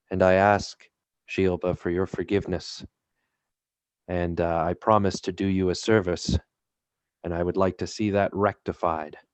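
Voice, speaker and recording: Player doing a solemn sorcerer for a tabletop game, deep, even delivery, clear dry sound. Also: male voice, dry recording, muffled recording. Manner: formal, solemn, deliberate speech. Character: solemn male sorcerer, formal and devout.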